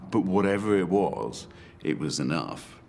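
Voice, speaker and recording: A man recounting an assault in documentary testimony, measured and reflective with halting pauses. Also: low voice, big pitch swings, creaky, darkish tone, a little hiss or hum. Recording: music bed under the voice.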